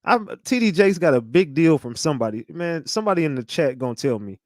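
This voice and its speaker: A man hosting a livestream in a slangy, conspiratorial ramble that keeps doubling back on itself. His voice sits a little high for a man. The sound is dry and close, with no room around it. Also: big pitch swings, fast, no echo. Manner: slangy and conspiratorial, repeats himself, talks to chat. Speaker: livestream host. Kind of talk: casual livestream commentary.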